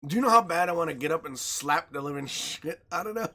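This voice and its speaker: A man's voice: on the high side, quick pace. A man co-hosting a casual podcast, swearing freely, laughing a lot and acting out stories. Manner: profane, laughs often, animated storytelling. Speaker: podcast co-host. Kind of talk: casual chat.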